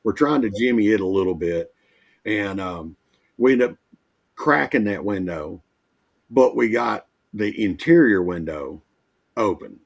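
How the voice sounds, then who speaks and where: A man's voice: on the low side, lively intonation, measured pace, vocal fry, pauses often. A man working as a mobile RV technician, telling folksy repair stories in casual conversation over a livestream call. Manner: easygoing, folksy anecdotes. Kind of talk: casual storytelling.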